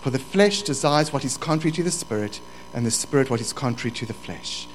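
A middle-aged man preaching a sermon, moving from quiet asides to loud, fervent passages. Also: mid-range voice, expressive, quick pace, rough recording. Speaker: pastor. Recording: faint mains hum.

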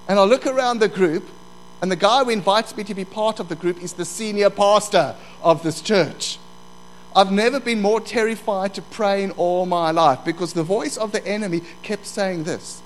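A man preaches a sermon, telling a story and then pressing his point with quoted scripture. His voice sits a little high and grows loud and emphatic as he preaches. A faint hum runs underneath. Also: moderate pace, low-quality recording.

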